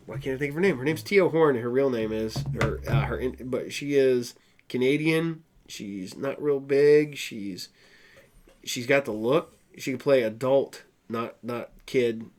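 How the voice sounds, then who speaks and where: In casual podcast chat, this male co-host speaks at a medium pitch and a slightly slow pace. He rambles, using many fillers and frequently starting over.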